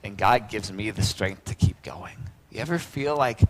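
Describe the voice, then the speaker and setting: A man preaching a sermon as pastor, swinging from loud cries to hushed near-whispers. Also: medium pitch, animated, moderate pace, hardly any pauses, a little hiss or hum, low-quality recording.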